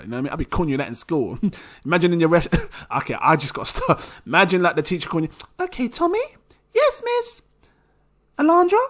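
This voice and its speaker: A young man hosting a casual crypto vlog, chatty and excitable, laughing often. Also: a little high. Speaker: crypto channel host.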